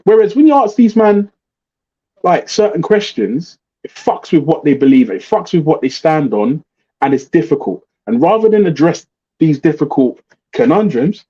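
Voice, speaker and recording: A man's voice: on the high side, normal speed, husky. A middle-aged man hosting a livestream, talking bluntly and swearing as he tells stories. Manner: blunt, swearing, animated storytelling. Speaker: livestream host. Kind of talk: casual ranting chat. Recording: muffled lo-fi livestream audio.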